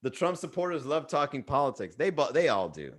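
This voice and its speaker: A man's voice: medium pitch, sing-song, a little fast. A young man hosting a comedy livestream podcast, talking loosely in a swearing, bro-talk storytelling way. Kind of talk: casual livestream chat. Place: Miami.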